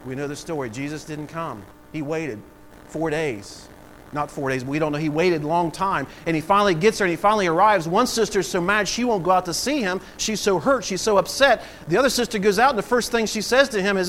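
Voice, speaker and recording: High-voiced man preaching a sermon. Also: moderate pace, fairly bright tone, slight background noise, low-quality recording. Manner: preaching with acted-out voices and swells of volume. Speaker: pastor.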